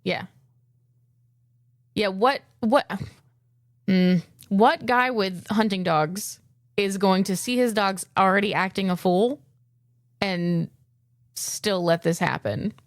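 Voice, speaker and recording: A woman co-host chats casually with a wry, questioning edge. Her pitch sits in the middle range. The recording is dry and close. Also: slow, pauses often, dry recording. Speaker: podcast co-host. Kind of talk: casual podcast chat.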